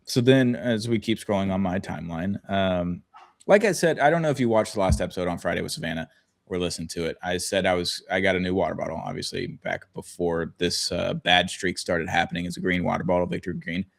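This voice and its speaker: A man's voice: deep voice, fairly quick, gravelly. A young man co-hosting a sports podcast, rambling and joking with casual swearing. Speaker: podcast co-host.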